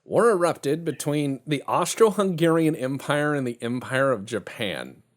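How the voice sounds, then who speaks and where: A man's voice: a little high, animated, a little slow. A man hosting a casual video game commentary, cracking jokes and laughing often. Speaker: game streamer.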